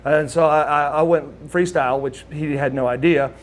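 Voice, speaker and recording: A man from Oklahoma telling a casual anecdote as a guest, his voice sitting a little high for a man. He tells it in an animated way and acts out the other people's lines as he goes. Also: normal speed. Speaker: guest telling a wrestling story.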